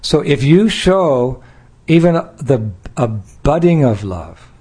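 A man's voice: medium pitch, very animated, slow, darkish tone, husky. An older American man giving a devotional talk, playful, acting out little scenes and laughing along. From United States. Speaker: spiritual teacher.

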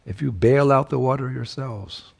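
A man's voice: medium pitch, normal speed, gravelly, a little mellow, husky. A man voicing a stern male boatman who urgently warns his passengers during a storm, in a storytelling sermon. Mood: warning. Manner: urgent, insistent warnings.

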